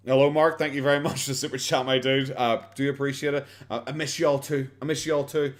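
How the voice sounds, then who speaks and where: Irish man, young, streamer. Casual reaction commentary, mid pitch, sardonic, foul-mouthed, rambling. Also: flat delivery, brisk, hardly any pauses. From Ireland. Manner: sarcastic, swears freely, rambling with many fillers.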